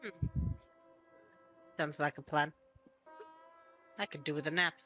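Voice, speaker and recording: A woman player at a tabletop game, talking in a relaxed, wry way. Her voice sits on the low side, with faint music underneath. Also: slow pace. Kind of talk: casual chat.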